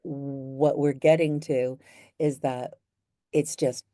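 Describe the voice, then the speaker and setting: Brief: female host, very low and mellow, encouraging chat voice. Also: fairly even intonation, slow pace, dry recording, studio quality. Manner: affirming, lots of listening sounds. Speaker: interview host. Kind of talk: casual interview talk.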